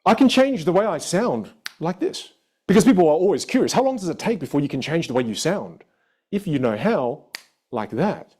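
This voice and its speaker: Australian male voice coach, 30s, energetic and playful, very lively pitch. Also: moderate pace, breathy edge. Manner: animated, playful, emphatic. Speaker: voice and communication coach. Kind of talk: energetic stage teaching.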